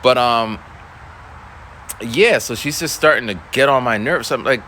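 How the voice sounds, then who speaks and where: A man's voice: mid-range voice, a little slow, long pauses, sharp tone, a little hiss or hum. A male schoolteacher telling a story in a casual, rambling monologue, full of restarts and voiced quotes. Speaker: school teacher.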